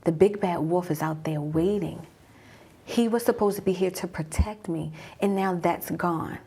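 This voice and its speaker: A woman around forty, a mom coach, telling a personal story as a guided journey, dropping to a hush at tense moments. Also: lowish voice, moderate pace, slightly rough.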